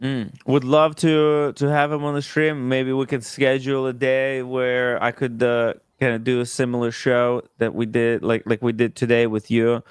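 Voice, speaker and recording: A man hosting a livestream in a smooth, resonant voice with a dry, close sound. He talks casually, filling gaps with fillers and repeating words. His pitch sits in the middle of a man's range. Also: level tone, moderate pace, hardly any pauses, no echo. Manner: fillers and repeated words, reads super chats aloud. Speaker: host of a watch livestream.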